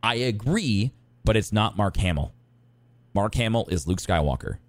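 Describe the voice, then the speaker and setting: Excitable male podcast co-host, lively pitch swings, dry close sound, rambling delivery. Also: normal speed, no echo. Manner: excitable, rambling with many restarts. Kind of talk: casual chat.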